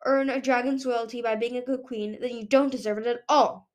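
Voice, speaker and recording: A woman's voice: fairly high pitch, steady tone, fairly quick, close to an everyday voice. A woman reading a defiant young dragon girl. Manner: firm, defiant. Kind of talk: audiobook read-aloud.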